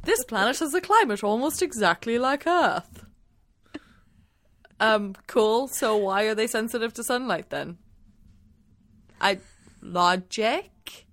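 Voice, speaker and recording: A woman's voice: on the high side, lively intonation, slow pace, pauses often, fairly bright tone. A woman co-hosting a casual movie review podcast, rambling with lots of "like" and swearing when annoyed. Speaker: podcast co-host.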